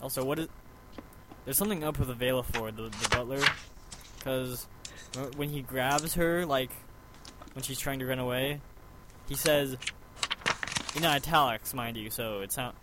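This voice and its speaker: A man's voice: mid-range voice, moderate pace, pauses often, very noisy. A man hosting a podcast, chatting casually and rambling animatedly about a book. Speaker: podcast host. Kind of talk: casual chat.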